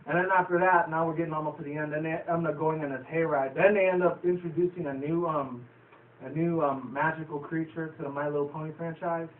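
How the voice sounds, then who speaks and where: A man's voice: fairly high pitch, fairly even intonation, a little fast. Male vlogger, casual rambling recap, profane, chuckly; tinny phone-like audio with faint background hiss. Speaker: vlogger reviewing a cartoon episode. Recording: tinny lo-fi, echoey, distant from the mic.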